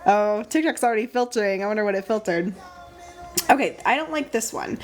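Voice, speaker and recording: A woman's voice: medium pitch, lively intonation, fairly quick, faint music behind. A young woman casually chatting on a livestream while she draws, thinking aloud and greeting viewers by name. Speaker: livestream host drawing stickers.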